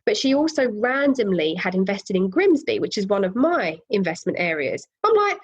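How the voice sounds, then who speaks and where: Woman guest, lively storyteller, laughs often, swings pitch up and down. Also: normal speed, few pauses, husky, low-quality recording. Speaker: guest, property investor. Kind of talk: casual conversational storytelling.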